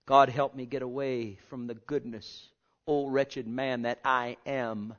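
A man preaching a sermon, swinging from hushed murmurs to loud, fervent exhortations. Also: mid-range voice, level tone, slow pace, highs cut off.

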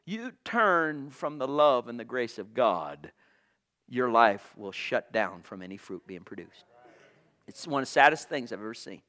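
A man preaching a sermon with great passion, swinging from loud cries to hushed whispers. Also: medium pitch, sing-song, unhurried. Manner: impassioned, swings from shouting to whispers.

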